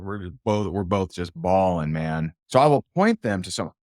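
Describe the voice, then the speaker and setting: A man delivers a motivational talk to an audience as a business coach, leaning hard on rhetorical questions and repeated lines. His voice sits on the low side and sounds dry and close, with almost no room around it. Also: darkish tone, no echo. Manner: emphatic, fires rhetorical questions, repeats phrases. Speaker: sales and business coach, show host.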